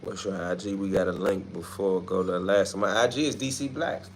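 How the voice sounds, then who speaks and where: A man hosting a casual livestream, reading out viewer comments and answering them with loud, animated trash talk. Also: low-pitched, a little fast, a little hiss or hum. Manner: trash-talking, animated, street slang. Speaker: livestream host.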